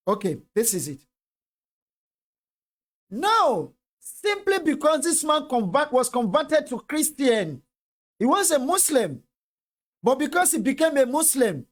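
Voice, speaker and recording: A Nigerian speaker with a Yoruba-tinged accent giving impassioned political commentary, fervent and repetitive. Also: mid-range voice. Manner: fervent, repetitive, switches between English and Yoruba.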